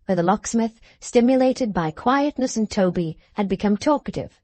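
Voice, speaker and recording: A woman reading a classic novel aloud as an audiobook narrator, in a measured, steady storytelling manner. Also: medium pitch, dry recording.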